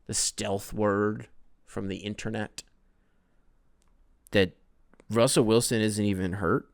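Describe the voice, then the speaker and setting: A man's voice: on the low side, fairly even intonation, takes it slowly, vocal fry, dry recording, clean studio sound. A man hosting a casual solo sports podcast who rambles, swears freely, jokes and reads listener emails aloud. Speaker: podcast host.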